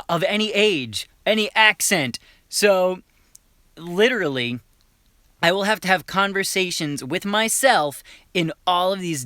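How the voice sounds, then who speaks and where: A man's voice: on the high side, pushed and bright, no room sound, studio quality. A young male voiceover actor chatting casually on a livestream, laughing often and restarting his sentences.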